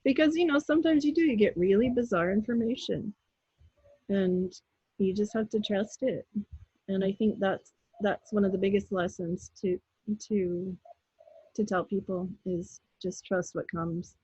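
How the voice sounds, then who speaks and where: A woman guest on an interview show, telling a story in a casual, animated way and acting out her own pleas and the words of others. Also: mid-range voice, a little slow, husky, no echo, dull audio. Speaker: guest, intuitive healer.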